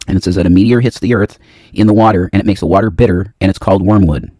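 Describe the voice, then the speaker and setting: A man's voice: sits low, racing, darkish tone, no room sound. A man in his forties co-hosting a casual chat, laid-back and explaining things with a slight mumble. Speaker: podcast co-host. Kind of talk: casual chat reacting to a video.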